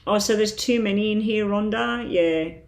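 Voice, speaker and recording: A woman's voice: medium pitch, normal speed, gravelly. A woman in her fifties with an Irish accent tinged British, chatting in a rambling way with many ums as she gives tarot readings on a live stream. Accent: Irish with a slight British tinge. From Ireland. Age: 50s. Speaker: tarot reader.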